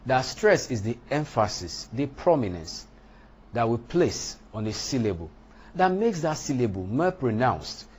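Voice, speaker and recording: A man teaching a lesson on English word stress, speaking deliberately and punching out example words. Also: mid-range voice, sing-song, a little mellow, slightly rough. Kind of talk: lecture on English pronunciation.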